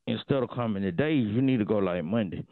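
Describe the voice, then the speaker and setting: A man's voice: on the low side, lively intonation, quick pace, no room sound. A man calling in, spinning a long, rambling excuse in slang. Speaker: caller. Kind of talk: comedic phone call. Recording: tinny phone line.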